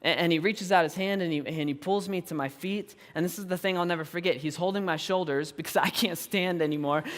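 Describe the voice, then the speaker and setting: A man in his thirties preaching a sermon, telling a personal story in an animated, self-deprecating way and laughing often. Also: high-pitched, a little fast, hardly any pauses, long reverb tail. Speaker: pastor. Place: large church auditorium.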